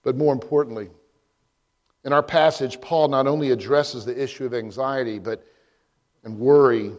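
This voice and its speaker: A man preaching a sermon as pastor, posing emphatic rhetorical questions with frequent pauses. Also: medium pitch. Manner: slow, deliberate delivery with frequent pauses.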